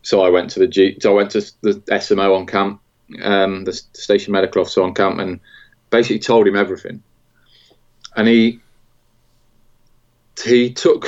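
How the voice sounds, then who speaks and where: British guy in his 40s, lowish voice, kinda muffled audio, lots of ums and restarts, telling it straight. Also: little pitch movement. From Britain. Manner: halting, with many restarts and fillers. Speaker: guest, military veteran. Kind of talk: candid interview conversation.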